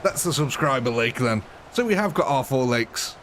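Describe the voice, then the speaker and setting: Young English male streamer, excitable, mid-range voice, faint hum behind. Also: mid-range voice, moderate pace. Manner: excitable, laughs often, addresses viewers as ladies and gentlemen. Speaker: live stream host. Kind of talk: casual live gaming commentary.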